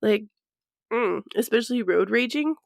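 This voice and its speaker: A woman's voice: on the high side, lively intonation, normal speed, vocal fry, dry recording, studio quality. A woman in her thirties from Colorado, a podcast co-host, talking frankly and profanely in casual chat and laughing often.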